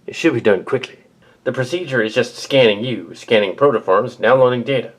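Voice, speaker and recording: A commanding robot leader, voiced by a man, addresses his followers in a fan-made audio drama. His voice is husky and mid-pitched, and he talks in a flat, announcing way. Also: a little fast, natural voice. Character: commanding male robot leader rebuilding minds.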